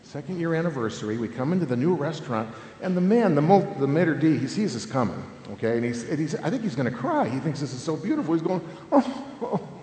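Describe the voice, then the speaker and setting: A man's voice: on the high side, quick pace, few pauses. A man in his fifties giving a humorous conference talk on family ministry, telling stories and checking in with "okay?" all the time. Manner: animated, humorous, keeps adding "okay?". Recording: echoey hall with long reverb, faint noise.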